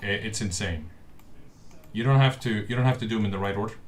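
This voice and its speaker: A man's voice: on the low side, quick pace, a little hiss or hum. A man hosting a casual live stream, rambling with many fillers and restarts, picked up by a webcam microphone. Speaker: streamer host.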